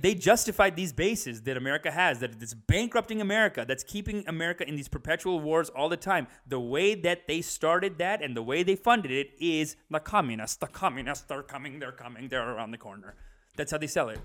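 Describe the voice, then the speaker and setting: Man, comedic rant, lively swooping delivery, fairly high voice, profane, repeats himself. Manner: animated, profane, repeats itself, slips into mocking voices.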